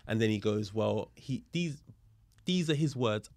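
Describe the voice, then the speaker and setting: A man, a guest on a podcast, telling a story in a lively, casual way and acting out the other people's voices, with street slang and swearing. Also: fairly low pitch, a little slow, no room sound, clean studio sound. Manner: animated, acts out the voices of people in his story. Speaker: podcast guest, police officer.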